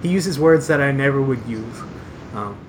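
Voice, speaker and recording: A man talks in a loose, rambling way, full of likes and ums, often laughing at himself. His voice sits at an ordinary middle pitch. A clear, steady noise hums under his voice throughout. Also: moderate pace, poor audio. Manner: rambling, self-deprecating, many fillers and restarts. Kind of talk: casual chat.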